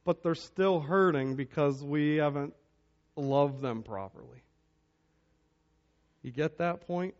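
A male pastor preaching a sermon, telling a humorous personal story in an animated way before drawing out its lesson. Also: a little high, slow, long pauses. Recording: dull lo-fi sermon recording.

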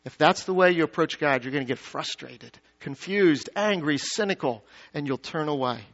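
High-voiced male pastor preaching. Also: expressive, moderate pace, a bit bright. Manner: dynamic preaching, rising to emphatic peaks then dropping low; addresses the congregation with questions and asides. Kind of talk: sermon. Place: church sanctuary. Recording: dull lo-fi sound.

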